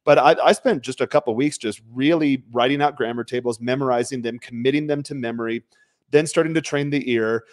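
At home, a podcast host chats casually on a livestream, blunt and emphatic, now and then letting a swear word slip. He speaks briskly at an ordinary middle pitch. The audio is dry and close, without any room echo.

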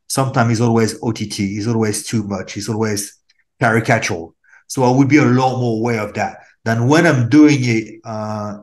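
A man with a French accent talks through his answers in a casual interview. His voice sits at a medium pitch, and he often stops with an "um" to find the right words. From France. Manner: thoughtful, pauses with fillers, mimics other voices. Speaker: actor guest.

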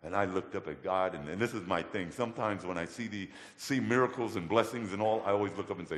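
A man telling his testimony as a guest in a church, colloquial and animated. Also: low-pitched, quick pace, few pauses, some chatter behind. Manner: animated, colloquial, acts out voices in his stories. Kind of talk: storytelling testimony. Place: church hall. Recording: echoey church hall with long reverb.

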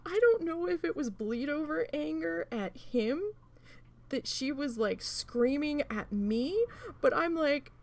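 A woman with a gravelly, creaky voice tells a long story in a casual crafting vlog. She talks in a rambling, loose way, swears freely and fills gaps with ums. Now and then she jumps into short, acted-out bits of dialogue. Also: high-pitched, animated, takes it slowly. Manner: rambling, profane, with many fillers; acts out quoted voices in bursts. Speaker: craft vlogger.

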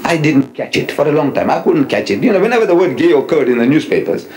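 A man in his seventies giving a public religious lecture, emphatic and animated, with wry asides. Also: a little high, rough recording. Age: 70s. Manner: recites Arabic verses quickly, then explains them. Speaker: Islamic lecturer.

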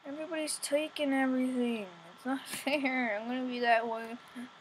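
An excitable young woman narrating her game in a fairly high voice, rambling and whiny. She sounds like she is on a cheap home mic, with a faint hiss underneath. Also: normal speed, poor audio. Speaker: gamer. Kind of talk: let's play commentary. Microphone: poor home recording setup.

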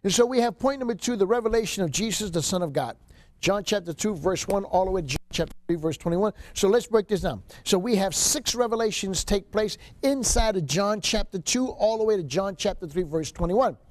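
A man's voice: high-pitched, normal speed. A male seminary lecturer teaching a Bible survey class, reading scripture aloud and repeating key phrases for emphasis.

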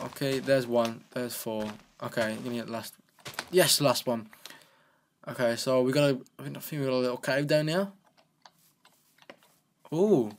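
Male let's play gamer, mid pitch, rambling playful commentary, faint keyboard noise. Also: steady tone, normal speed. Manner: rambling, playful, talks to himself. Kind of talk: casual gameplay commentary.

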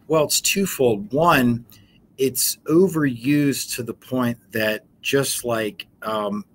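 Educator, male: lower-pitched man, casual explanatory teaching manner, lots of ums, faint room noise behind. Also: unhurried. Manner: relaxed, explanatory, frequent ums. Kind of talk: informal teaching talk.

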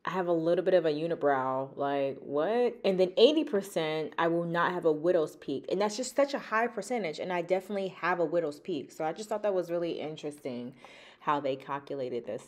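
A woman's voice: fairly low pitch, lively intonation, fairly quick, a little mellow. A woman vlogging in a casual, chatty way, talking straight to her viewers as y'all. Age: adult with children. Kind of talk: casual chat to camera.

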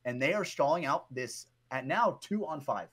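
A man co-hosting a podcast, telling a story in a lively, profane way and often adding "right?" and "bro". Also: on the high side, normal speed, breathy edge. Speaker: podcast co-host. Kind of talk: casual storytelling chat.

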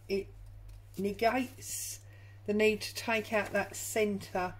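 A woman's voice: medium pitch, husky, low-quality recording. A woman hosting a crafting tutorial from her home craft room, chatting and thinking aloud as she works. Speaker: junk journal crafter and channel host.

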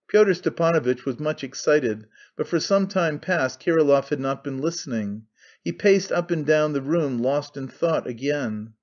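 A man narrating an audiobook in a measured, even reading. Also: medium pitch, dull audio. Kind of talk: scripted narration.

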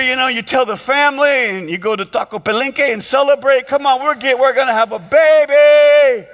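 A man preaching a humorous sermon as pastor, telling stories in an animated way with quick jokes and repeated words. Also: extremely high pitch. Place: church sanctuary. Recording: long hall reverb.

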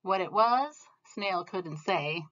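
A woman reading a children's picture book aloud in a gentle, expressive manner. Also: medium pitch, slow, muffled recording. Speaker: storybook reader. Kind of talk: storybook read-aloud.

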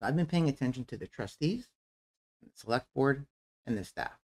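Man, blunt, critical, public comment, lively up-and-down pitch, repeats himself. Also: normal speed. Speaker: resident commenter. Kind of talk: public comment at a town forum.

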